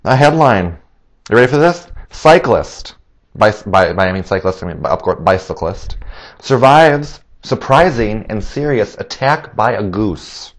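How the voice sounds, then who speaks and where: A man hosts a solo podcast at an unhurried pace, his voice animated and a little nasal. He's chatty and rambling, laughs at his own jokes, and acts out quoted voices in a higher pitch.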